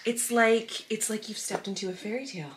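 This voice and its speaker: A woman's voice: mid-range voice, fairly even intonation, a little fast, crowd noise. A woman, a mom vlogging at home in easy casual chat that is full of "like". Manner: chatty, peppered with "like".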